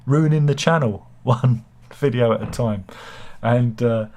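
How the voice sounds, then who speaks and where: A British man with a head cold and a slight cough hosts a live chat show in an unhurried, medium-pitched, darkish voice. He rambles hesitantly, full of fillers and jokey asides, while reading out viewer comments.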